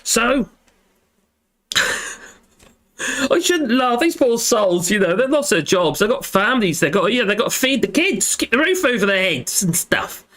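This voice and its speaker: Lively, rambling man chatting on a live stream. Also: high-pitched, measured pace, long pauses. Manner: chatty and rambling, tags lines with "that I do". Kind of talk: casual live stream chat.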